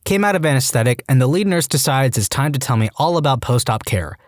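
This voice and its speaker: Lively male story narrator, dry sound. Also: mid-range voice, fast talker, no room sound. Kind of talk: reading online stories aloud.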